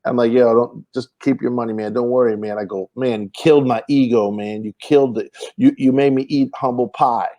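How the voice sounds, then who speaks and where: A man's voice: medium pitch, fairly quick, few pauses. A man telling comedy road stories in casual podcast chat, acting out the people he quotes. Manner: animated storyteller, acts out quotes, many fillers and restarts.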